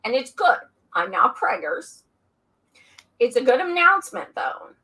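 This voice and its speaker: A woman's voice: a little high, very animated, measured pace, sharp tone, low-quality recording. A woman co-hosting a political podcast, blunt, outspoken and playful in casual chat. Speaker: podcast co-host.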